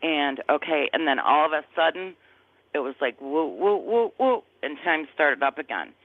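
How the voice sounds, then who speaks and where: This guest, a woman in her fifties with a deep voice, speaks at a normal speed as she recounts her testimony in conversation. She's earnest and emotional, frequently hunting for the right words, over a tinny, phone-like, dry line.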